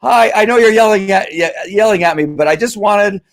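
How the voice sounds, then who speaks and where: A man voicing an eager, friendly pet dog who wants attention, in a high cheerful tone. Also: fairly quick.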